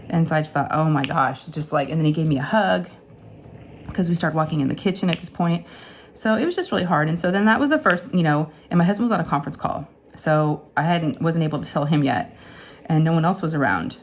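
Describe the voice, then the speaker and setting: Woman, 40s, low voice, craft vlogger, candid rambling storytelling, emotional, home craft room, faint background noise. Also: expressive, a little fast. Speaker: craft channel host. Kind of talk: personal vlog storytelling.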